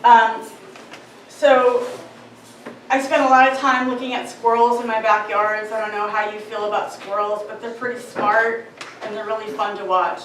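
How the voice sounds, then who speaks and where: Woman poet, unhurried reading, far from the mic, café din behind. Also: a little high, flat delivery. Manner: slow, deliberate reading with chatty asides. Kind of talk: poetry reading. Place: coffee house. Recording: very echoey, distant, noisy room. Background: coffee house din.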